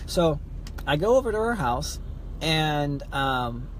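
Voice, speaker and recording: A man's voice: fairly high pitch, takes it slowly, a little hiss or hum. A young adult man hosting a podcast, telling a story in a casual way, acting out the dialogue with lots of fillers. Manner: animated, acts out quoted dialogue, many fillers. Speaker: podcast host.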